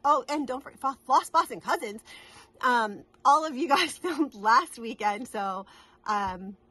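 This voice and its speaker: A woman's voice: high-pitched, lively intonation, a little slow, bright, forceful tone, dry recording. A middle-aged woman from New England, chatting casually to camera in a rambling, giggly way with many restarts. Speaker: cross-stitch vlogger.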